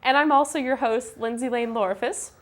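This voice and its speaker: A woman's voice: a little high, brisk. A young woman co-hosting a casual entertainment talk show, upbeat and chatty. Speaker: co-host.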